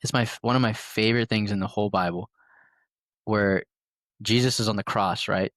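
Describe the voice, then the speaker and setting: Casual chat, low-ish young male voice, loose rambling delivery, dry room. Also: fairly even intonation, fairly quick, a bit bright, dry recording. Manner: rambling storytelling with many fillers. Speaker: podcast host. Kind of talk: casual conversation.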